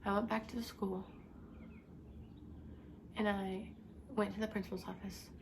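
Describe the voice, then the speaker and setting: A woman's voice: mid-range voice, little pitch movement, a little slow, background noise. Frustrated young woman telling a story. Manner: rambling, frustrated, lots of "like". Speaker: vlogger. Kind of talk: casual storytime.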